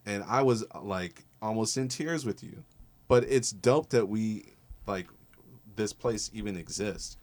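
This is a man with a deep, low voice, speaking to students in a music program. He talks in an earnest and encouraging way. His speech is casual and peppered with slang. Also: a little slow, a little mellow. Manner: earnest, encouraging, heavy on "like" and "dope". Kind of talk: casual group conversation.

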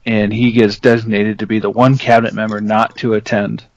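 A man's voice: fairly low pitch, little pitch movement, brisk, dry recording, dull audio. A young man in casual chat who explains TV plots at length, filling gaps with "uh" and "um.".

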